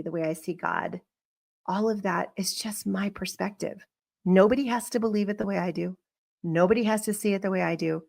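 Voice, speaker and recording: Candid woman podcaster, low-pitched. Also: gravelly. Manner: candid, conversational, acts out quoted dialogue. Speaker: podcast host. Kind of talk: reflective casual monologue.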